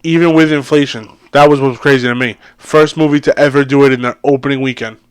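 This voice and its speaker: A man's voice: medium pitch, fairly even intonation, fast, smooth, no echo. A man co-hosting a casual movie podcast, chiming in with short, dry remarks. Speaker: podcast co-host. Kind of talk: casual movie review chat.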